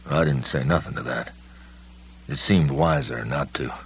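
A man with an extremely deep, husky voice tells a horror story in the first person, unhurried and folksy, with plain country grammar. The recording is muffled and a bit lo-fi. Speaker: audiobook narrator.

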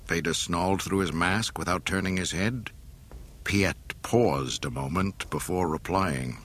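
Low-voiced man narrating a storybook. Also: a little slow. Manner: dramatic, expressive reading.

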